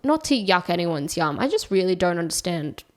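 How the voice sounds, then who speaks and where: A woman's voice: on the low side, big pitch swings, moderate pace. Frank, dry-humored woman podcast co-host. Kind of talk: casual comedic chat.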